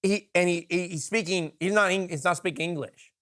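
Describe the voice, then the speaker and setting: A man's voice: high-pitched, brisk. A man co-hosting a podcast, telling a story casually and with lots of swearing, acting out the dialogue. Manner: profane, animated anecdote with quoted dialogue. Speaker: podcast co-host.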